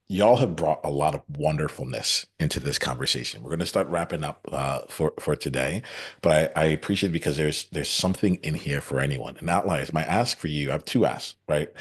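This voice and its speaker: Very deep-voiced man hosting a podcast. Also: slightly rough. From United States. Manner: reflective, halting, many restarts and fillers. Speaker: podcast host. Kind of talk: casual podcast panel wrap-up.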